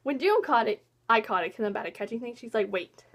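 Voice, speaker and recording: A woman's voice: fairly high pitch, expressive, fast talker. A young woman vlogger chatting casually about a book she loved, gushing and emotional, rambling with lots of fillers. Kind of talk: casual book review chat.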